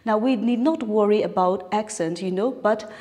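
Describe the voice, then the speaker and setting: A woman teaching an English lesson in Indian English, explaining new words slowly and repeating phrases. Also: mid-range voice, dark tone. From Nagaland, India. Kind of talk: recorded classroom lesson. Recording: long hall-like reverb.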